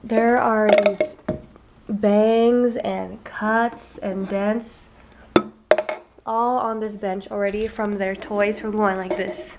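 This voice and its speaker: A woman's voice: medium pitch, flat delivery, slow pace, loud music behind the voice. A young woman chatting casually at home in a vlog, easygoing and chatty, talking to her babies now and then. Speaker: mother vlogger.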